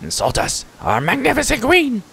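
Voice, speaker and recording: A man voicing an excitable little male mite creature in a video game, speaking in broken, clipped phrases. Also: extremely high pitch, normal speed, creaky, breathy edge, voice pushed up, heavily acted. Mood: frantic. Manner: broken clipped speech, frantic.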